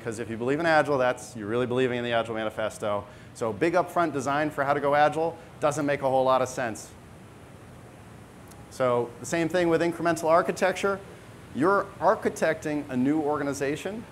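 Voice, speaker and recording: A man's voice: a little high, slight background noise. Emphatic man giving a conference talk. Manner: emphatic, punctuates points with "right?". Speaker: conference speaker. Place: conference hall.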